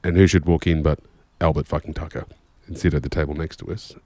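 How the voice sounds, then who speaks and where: Aussie guy with a super deep voice, rambling swear-y stories, dry close sound. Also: steady tone, fast, warm tone, no echo. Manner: swears freely, rambling anecdotes with "anywho". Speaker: musician guest. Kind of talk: casual storytelling chat.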